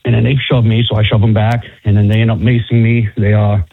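A man as a guest on a talk show, telling his story casually and haltingly. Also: on the low side, level tone, creaky, slightly rough, no echo. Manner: halting, many fillers and restarts. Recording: tinny, dry phone-like sound.

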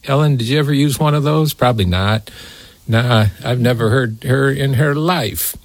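A male preacher delivering a folksy, emphatic sermon at a middle pitch. His voice is close and dry, with no room sound around it. He leans into key phrases and slows down to drive them home. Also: no room sound. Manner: folksy, emphatic, talks to co-host by name.

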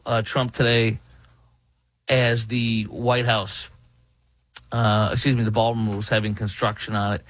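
Indignant male political commentator, husky and dry. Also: mid-range voice, no echo, rough recording. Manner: indignant, mocking, reads quotes aloud then rebuts them. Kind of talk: opinionated commentary monologue.

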